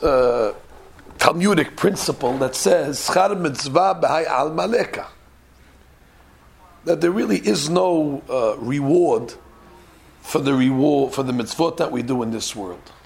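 A man teaches a Torah class in a lively, talky way, acting out the people he quotes. His voice sits high and has a gravelly edge, and it shifts between brisk asides and drawn-out points. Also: a little hiss or hum. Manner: animated, conversational, acts out quotes, mixes in Hebrew. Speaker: rabbi giving a Torah class. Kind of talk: Torah lecture.

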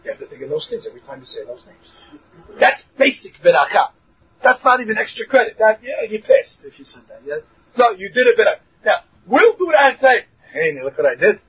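A man teaching a Torah lesson in a lively, animated way, mixing Hebrew and English, acting out voices and laughing along the way. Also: very high-pitched, fairly quick, slightly rough. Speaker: rabbi teaching a class. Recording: dull lo-fi recording.

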